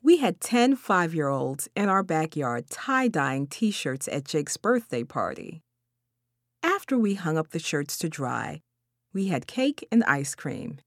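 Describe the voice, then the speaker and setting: A woman reading a first-person story about a children's party in a deliberate, animated way. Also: sits low, no room sound, studio quality. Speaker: audiobook reader of a parent's story.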